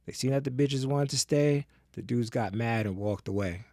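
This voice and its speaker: A man telling a story on a podcast in a casual, profane way, acting out the people in it with lively voices. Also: mid-range voice, moderate pace, no room sound, clean studio sound. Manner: animated, profane, acts out the people in his stories. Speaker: podcast guest.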